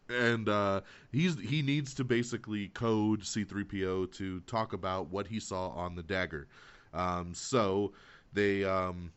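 Man, podcast host, lowish voice, laughs a lot, rambling, um-filled, dull lo-fi audio. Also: a bit bright, smooth. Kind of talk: casual chat.

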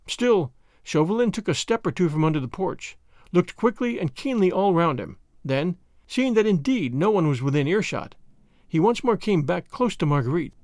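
A man narrating a classic novel as an audiobook, with an expressive storytelling cadence. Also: high-pitched, normal speed, no echo, studio quality. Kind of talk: scripted narration.

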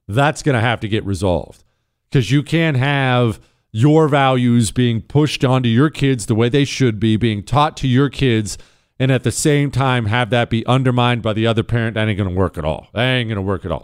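Male radio show host, smooth voice, close dry mic, blunt emphatic delivery. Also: mid-range voice, normal speed, no echo. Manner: blunt, emphatic, repeats key points. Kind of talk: call-in advice talk show. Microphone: studio microphone.

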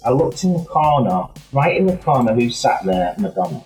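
A man telling animated, rambling anecdotes as a guest in casual chat. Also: mid-range voice, brisk, reverberant, soft background music, poor audio. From England. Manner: animated anecdotal storytelling with many asides.

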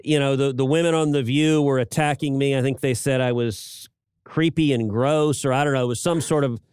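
A man's voice: medium pitch, steady tone, a little fast, a little mellow, smooth, no room sound, studio quality. A middle-aged man co-hosting a political podcast, talking casually with frequent stammered restarts and chuckles at his own jokes. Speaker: podcast co-host, senator.

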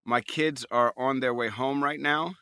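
A man co-hosting a podcast in casual chat, mostly dry and low-key with sudden excited bursts. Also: a little slow, smooth, no room sound. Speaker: podcast co-host.

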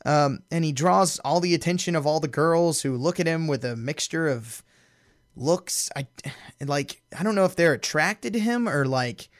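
A man hosting a casual podcast, recapping a wrestling show with amused storytelling and lots of fillers. His voice sits a little high for a man and sounds dry and close to the mic. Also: expressive, normal speed, no echo. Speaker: podcast host.

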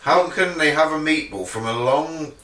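A man co-hosting a casual podcast, animated and swearing freely as he chats. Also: a little high, moderate pace, far from the mic. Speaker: podcast co-host. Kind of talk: casual chat. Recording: roomy recording from off-mic.

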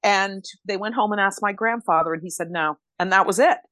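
A woman's voice: mid-range voice, brisk, sharp tone, no echo. An older stage actress chats frankly about her life, blunt and heartfelt. Her voice sits mid-range and is recorded dry and close, with little room sound. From Rhode Island. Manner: blunt, candid, emotional storytelling. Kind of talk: casual interview chat.

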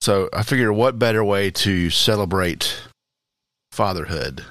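Male producer, deep voice, dry close recording, low-key joke teller. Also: unhurried, fairly bright tone, no echo. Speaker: podcast producer. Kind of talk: casual chat, telling jokes.

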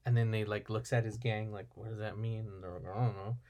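A man's voice: fairly low pitch, fairly even intonation, quick pace, mellow. Rambling man retelling a movie. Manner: rambling storyteller, acts out film lines. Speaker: podcast co-host. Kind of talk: casual movie recap chat.

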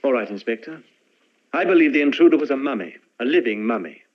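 An actor playing an earnest, grave scholar. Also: male voice, mid-range voice, lively intonation, lightly acted. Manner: earnest, measured, insistent. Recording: dull old film soundtrack.

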